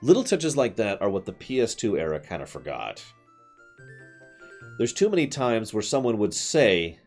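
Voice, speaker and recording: A man's voice: fairly low pitch, wildly swooping pitch, normal speed, darkish tone, faint music behind. A man giving casual, chatty commentary while streaming a video game, with opinionated asides.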